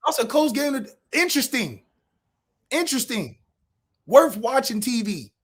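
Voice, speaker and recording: High, lively trash-talking man. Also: measured pace, slightly rough. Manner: trash-talking, sarcastic, fires rhetorical questions; shouts at peaks. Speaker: podcast co-host. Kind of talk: sports podcast rant.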